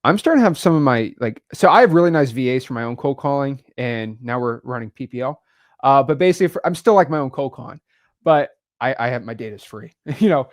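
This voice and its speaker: A young man hosting a casual podcast chat, energetic and emphatic, full of slang. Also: mid-range voice, quick pace. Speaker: podcast host, real estate investor.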